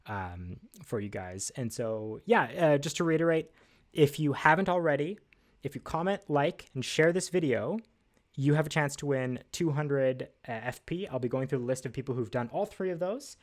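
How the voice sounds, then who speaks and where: A man's voice: medium pitch, animated, moderate pace. Chatty man hosting a livestream trivia. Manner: chatty, upbeat, self-deprecating, with frequent fillers. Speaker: livestream host. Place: at a desk indoors.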